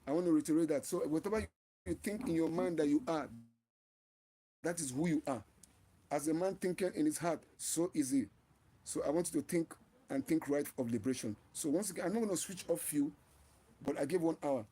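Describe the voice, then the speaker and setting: A man's voice: on the high side, brisk, mellow, slightly rough. A man hosting his own channel, giving an impassioned, preachy live-stream talk and often repeating and restarting his phrases. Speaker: channel host.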